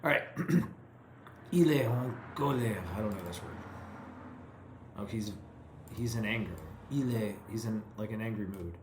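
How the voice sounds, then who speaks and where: This is a man reading practice sentences aloud in a roomy space with a faint background hum. He talks at a slow, deliberate pace, stopping often to puzzle out meanings in his English. His delivery is relaxed and self-correcting, like someone studying on his own. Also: on the low side. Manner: slow, halting, thinks aloud and translates line by line. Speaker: French learner reading aloud.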